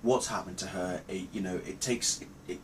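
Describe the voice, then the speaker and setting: A man recapping a film's plot in a casual review, rambling and halting with many ums and restarts. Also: sits low, fairly even intonation, slight background noise. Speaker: movie reviewer. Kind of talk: casual spoken film review.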